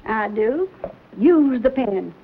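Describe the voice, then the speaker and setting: An actress playing a stern older frontier mother in a 1950s TV western, sharp and scolding in a rustic way. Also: a little high, animated, slow, breathy edge, full character voice. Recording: tinny, lo-fi 1950s TV soundtrack.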